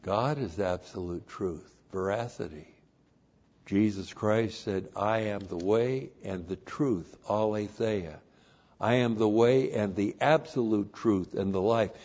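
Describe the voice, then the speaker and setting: Male pastor, deliberate and unhurried, emphatic Bible teaching, dull lo-fi church recording. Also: on the low side, darkish tone. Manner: slow, emphatic, repeats key words, spells out Greek terms. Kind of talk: expository sermon.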